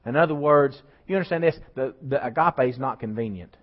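A man preaches a sermon, his voice rising for emphasis and dropping for asides to the congregation. His pitch sits in the middle range. The recording sounds a little dull and lo-fi. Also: brisk. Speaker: pastor. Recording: slightly dull lo-fi church recording.

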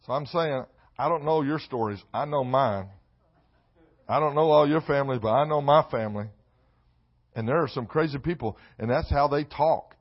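Man, pastor preaching, high voice, swings from loud emphasis to joking asides, muffled lo-fi recording. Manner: preaching with rising shouts and comic asides. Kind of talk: sermon. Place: church sanctuary.

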